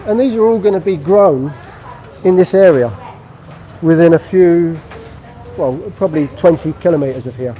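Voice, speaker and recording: A man's voice: a little high, normal speed, long pauses, dark tone, soft background music, poor audio. Chatty English man at a market. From England. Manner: chatty, explains as he shows things. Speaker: vlogger. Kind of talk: casual live-stream walk-and-talk. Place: outdoor local market.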